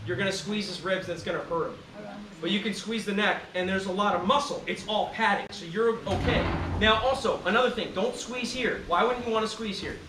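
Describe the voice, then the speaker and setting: A man's voice: sits high, a little fast. A man presenting a live alligator show outdoors, explaining and joking with the crowd. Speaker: alligator handler. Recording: far-off, echoey, loud outdoor noise.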